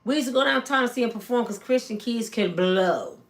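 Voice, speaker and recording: A woman, telling celebrity gossip in a casual, animated storytelling way and acting out quoted lines in high voices. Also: brisk. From Michigan, USA. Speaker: gossip vlogger.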